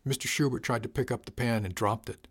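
A man's voice: mid-range voice, steady tone, quick pace, close to an everyday voice. A man voicing a stiff young male officer giving a formal report in an audiobook reading.

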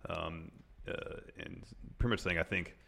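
Deep voiced dude with lots of vocal fry, laid back podcast host walking through the match. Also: male voice, steady tone, normal speed, pushed and bright. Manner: easygoing, recaps events step by step. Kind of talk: casual wrestling chat.

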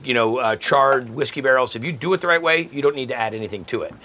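A man chats casually as a guest chef, cooking and trading stories. He brings in the other voices as he tells a tale. Clear kitchen noise and clicks sit under his ordinary mid-pitched voice. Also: quick pace, sharp tone. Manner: chatty storyteller, acts out quoted voices. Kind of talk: casual chat while cooking.

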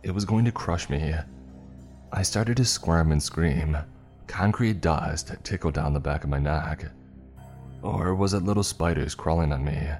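A man narrating a first-person story in a measured, tense storytelling manner. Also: very deep voice, darkish tone, faint music behind.

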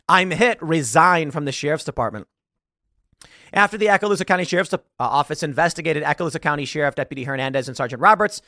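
A man hosting a casual commentary show, reacting to a video in an animated way, often laughing and acting out lines. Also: a little high, no room sound, studio quality. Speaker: host.

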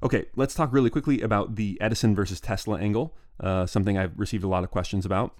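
A man's voice: fairly low pitch, fairly even intonation, fast, a little mellow. A man hosting a podcast, telling history in a loose, digressive, stream-of-consciousness way. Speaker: podcast host. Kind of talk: casual solo history narration.

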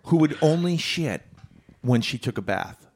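Laughing storytelling man, fairly high voice. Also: lively intonation, unhurried. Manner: storytelling, laughing, acts out his kids' voices. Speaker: podcast host. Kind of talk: casual podcast chat.

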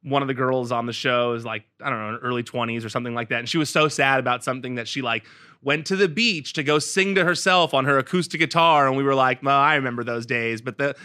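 A man's voice: medium pitch, fast, bright, forceful tone, clear, resonant tone. A man hosting a podcast, chatting casually and with sympathy while he interviews a guest. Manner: empathetic, chatty.

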